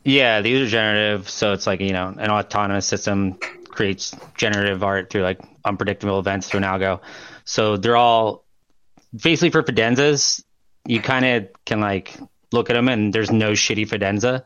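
A man with a lowish voice chats casually on a podcast. His delivery is loose and rambling, full of swearing and laughter. The sound is dry and close to the mic. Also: steady tone, moderate pace, fairly bright tone, smooth, no echo. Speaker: podcast co-host. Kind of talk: casual chat.

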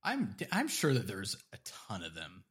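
A man's voice: deep voice, wildly swooping pitch, a little slow, fairly bright tone, breathy edge. A man co-hosting a podcast, rambling in casual chat with lots of fillers, restarts and laughs. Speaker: podcast co-host.

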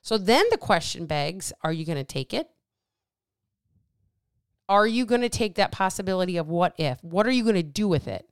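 Woman, podcast host, motivational monologue, repetitive questions, smooth voice, dry room. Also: lowish voice, animated, moderate pace, long pauses, no room sound. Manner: repetitive rhetorical questions, fired up. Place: small dark office.

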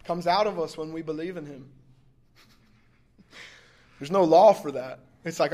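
Easygoing pastor, slightly high voice, rambling storyteller who laughs between lines. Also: male voice, unhurried, long pauses, mellow. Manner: conversational, laughing often, lots of filler "like". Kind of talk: casual sermon with storytelling.

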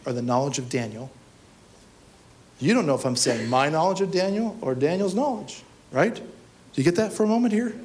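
High-voiced animated male pastor preaching. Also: a little hiss or hum. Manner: conversational, animated preaching with direct questions to the congregation. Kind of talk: sermon. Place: church service.

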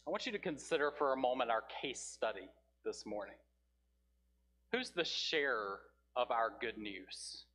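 Male pastor, earnest sermon delivery, mid-range voice, long hall reverb. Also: medium pitch. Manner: earnest, builds volume on scripture then drops soft and slow. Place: church sanctuary.

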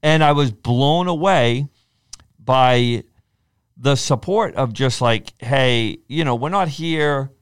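A man's voice: mid-range voice, slow, clear, resonant tone, dry recording, studio quality. A man in his forties chatting casually, acting out quoted speech as he tells his stories. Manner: animated storyteller, acts out quoted speech. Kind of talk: casual podcast chat.

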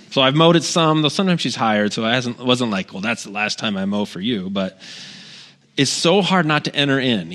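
A middle-aged pastor giving a casual, conversational sermon, telling personal stories with wry humor and lots of asides. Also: male voice, mid-range voice, a bit bright.

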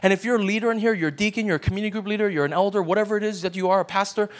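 A man's voice: high-pitched, rapid-fire. A man preaching a sermon as pastor, conversational and emphatic, often checking in with his listeners. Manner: conversational preaching with frequent "right?" asides.

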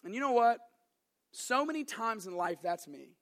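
A young adult man preaching a sermon as an animated, joking storyteller. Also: extremely high pitch, normal speed. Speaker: pastor.

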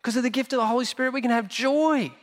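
A man preaching a sermon as pastor, animated and jokey, acting out quotes as he goes. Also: extremely high pitch, quick pace. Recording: long church hall reverb.

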